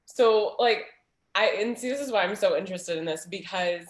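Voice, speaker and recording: A woman's voice: mid-range voice, moderate pace, roomy sound. Chatty woman on a video call. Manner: chatty storyteller, many "like" fillers, laughs often. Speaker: host of a small business community chat. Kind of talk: casual video chat.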